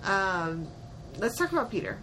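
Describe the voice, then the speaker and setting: A woman's voice: medium pitch, big pitch swings, pushed and bright, a little hiss or hum, low-quality recording. A young woman co-hosting a podcast, chatting casually and laughing as she recaps a show. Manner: chatty, laughs often, quick asides. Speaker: podcast co-host.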